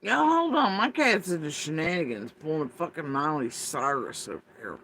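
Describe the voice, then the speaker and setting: Male streamer host, profane casual rant; high, very lively, bright delivery. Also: normal speed, a little hiss or hum. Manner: animated, profane, swings between loud and muttering. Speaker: livestream host. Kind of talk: casual ranting commentary.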